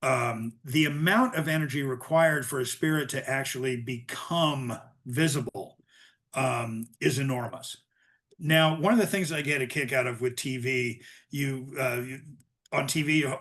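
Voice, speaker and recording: A man's voice: mid-range voice, normal speed, a bit bright. An older man, an author guest, talking casually in a webinar with plenty of ums and restarts. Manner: chatty, many ums and restarts. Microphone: video call.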